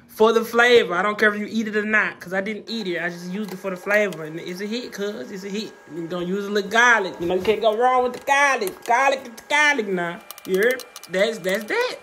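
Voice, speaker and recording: Slangy, joking home cook vlogging from the kitchen; relaxed banter, medium pitch, faint hiss behind. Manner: slangy, joking and laid-back. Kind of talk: casual cooking vlog chat.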